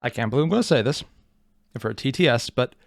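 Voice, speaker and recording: Guy rambling over a reaction vid, swears a lot, pitch all over the place, dry close mic. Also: animated, fast, gravelly, no echo. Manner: rambling, self-interrupting, swearing. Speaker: reaction video host. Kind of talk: casual reaction commentary.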